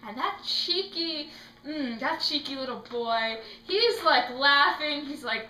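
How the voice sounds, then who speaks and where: A teenage girl answering interview questions in a casual, animated way, acting out little scenes as she talks. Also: high voice, a little slow. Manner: animated, acts out quotes in put-on voices. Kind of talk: casual chat. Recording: echoey room.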